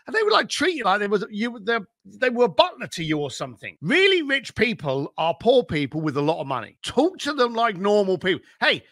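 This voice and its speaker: A man being interviewed as an entrepreneur, giving blunt, energetic business advice and swearing casually. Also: sits high, no echo, studio quality. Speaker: entrepreneur guest.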